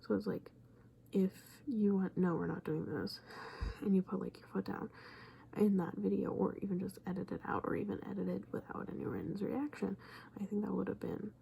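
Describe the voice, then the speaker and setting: A woman's voice: mid-range voice, little pitch movement, fairly quick, creaky, warm tone, slight background noise. A young woman in casual reaction commentary, rambling and often dropping into a whisper. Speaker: viewer commenting on a video.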